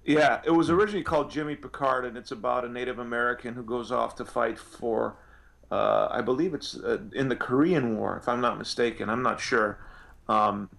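A man's voice: mid-range voice, steady tone, a little fast, gravelly, a bit bright. A male actor telling anecdotes in an interview, rambling with many restarts and fillers. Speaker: actor guest.

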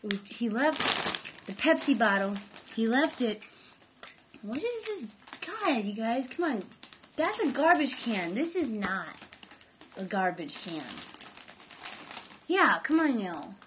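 A teenage girl in her last year of high school, co-hosting a casual video chat, rambling and giggling with lots of "like". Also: big pitch swings, slow pace, long pauses, a bit bright, slight background noise. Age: high school senior, late teens. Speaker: vlog co-host.

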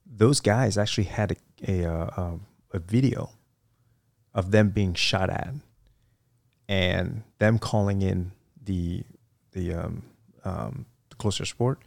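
Deep gravelly man telling war stories. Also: takes it slowly, darkish tone, no echo, clean studio sound. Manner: rambling, many fillers and restarts. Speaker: guest, retired Marine officer. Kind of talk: casual interview storytelling.

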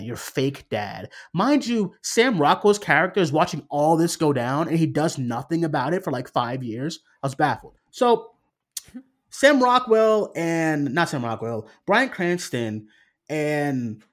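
A young man on a casual review podcast, telling a story with lots of energy and swearing freely. His voice sits a little high and leaps up and down, and he acts out his own reactions as he goes. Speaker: film review podcast co-host. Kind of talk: casual chat.

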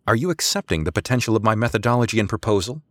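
Brief: male narrator doing an ambitious female officer, crisp, formal, quietly sure of herself, lively delivery, dry close sound. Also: on the low side, rapid-fire, no echo, close to an everyday voice. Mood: coolly confident. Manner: formal, precise, coolly confident. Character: poised, ambitious female naval lieutenant.

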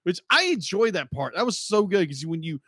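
A man co-hosting a podcast, excitedly gushing about a TV episode and laughing often. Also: high-pitched, brisk, dry recording, clean studio sound. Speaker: podcast co-host. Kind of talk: casual review chat.

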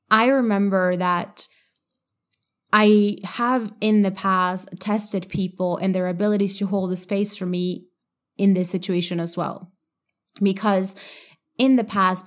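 A woman hosting a podcast, telling a personal story in an earnest, reflective way, with many "like" fillers. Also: medium pitch. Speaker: podcast host and coach.

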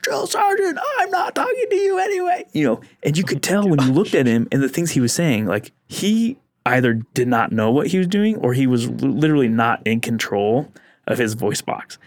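A man telling a story on a podcast in a relaxed, animated way. He laughs often and acts out the people in his tale. His voice sits in a middle register and is recorded close and dry. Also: medium pitch, moderate pace, dry recording. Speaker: podcast co-host. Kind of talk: casual storytelling chat.

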